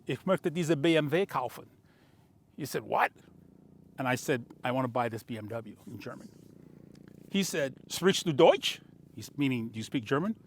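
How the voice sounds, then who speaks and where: A man in his sixties, a car dealer, telling a motivational story to the camera in an animated, building way. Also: on the high side, a little hiss or hum. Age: 60s.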